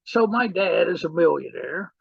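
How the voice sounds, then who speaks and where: A man's voice: fairly high pitch, expressive, moderate pace, creaky, husky, no echo, lo-fi sound. A man teaching real estate through a personal story, acting out the people he quotes. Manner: storyteller who acts out quoted people, repeating "he goes". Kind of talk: anecdotal teaching talk.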